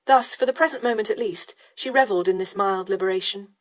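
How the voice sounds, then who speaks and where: A woman reads a historical romance in a steady, measured narrating voice. Her pitch sits in an ordinary middle range, and she paces the prose evenly. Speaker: audiobook narrator. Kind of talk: scripted narration.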